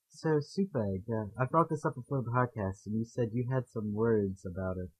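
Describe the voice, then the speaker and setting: A man's voice: mid-range voice, normal speed, hardly any pauses, breathy edge, rough recording. A man hosting a casual gaming podcast, talking in a thoughtful, hedging way. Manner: thoughtful, hedging, reads quotes aloud. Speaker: podcast host. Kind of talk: casual podcast chat about video games.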